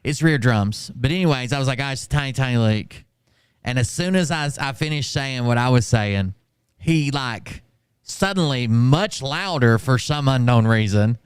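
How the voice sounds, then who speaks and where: A man casually telling a story on a stream, ranting in a profane and animated way. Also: mid-range voice, moderate pace, clear, resonant tone, no room sound, studio quality. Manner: profane, animated, full of fillers and restarts.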